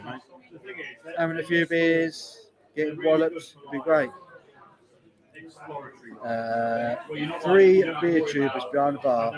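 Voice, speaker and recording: A man with a London accent chats on a live stream, reading out chat messages and repeating his own lines as he goes. His voice sits slightly high for a man. Loud bar chatter fills the background. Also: rough recording. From Hertfordshire, England. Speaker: beer vlogger streaming live. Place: busy bar taproom. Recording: loud bar crowd behind voice. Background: crowd chatter in a bar.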